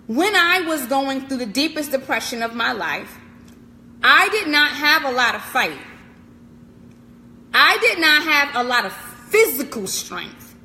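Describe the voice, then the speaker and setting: In a big-sounding room with slight background noise, a woman with a high, pushed, bright voice gives a live-streamed inspirational talk. As a motivational speaker she preaches with emphasis, repeats lines, and speaks straight to the listener.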